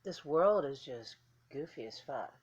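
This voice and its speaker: A woman's voice: a bass voice, animated, unhurried, slightly rough, dull audio. Blunt, profane woman vlogging. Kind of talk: casual talk to camera.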